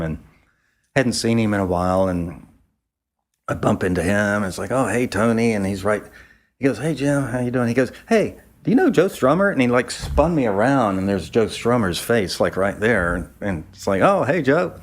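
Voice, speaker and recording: A man from the American South, a photographer, casually telling a long anecdote and acting out what others said. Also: low-pitched. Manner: rambling storyteller who acts out quoted speech. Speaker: photographer guest.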